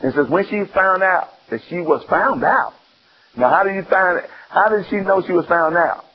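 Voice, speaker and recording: A male preacher giving an animated sermon, acting out the scenes and putting questions to his listeners. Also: high-pitched, normal speed, muffled recording.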